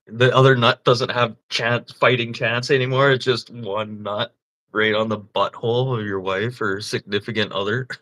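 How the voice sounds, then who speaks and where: A man hosting a casual livestream chat, telling crude, animated stories and laughing often. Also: on the low side. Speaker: livestream host.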